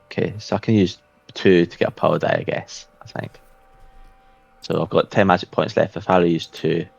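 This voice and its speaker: A very deep man with a gravelly edge talks through his moves as a player, hesitant and full of restarts. His dull, lo-fi mic sounds dry and close. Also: steady tone, moderate pace, darkish tone, no room sound. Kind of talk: casual tabletop play.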